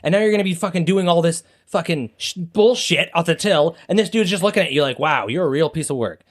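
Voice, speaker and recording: A man's voice: fairly high pitch, quick pace. A man co-hosting a casual podcast, ranting and swearing freely. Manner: profane, ranting, animated. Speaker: podcast co-host.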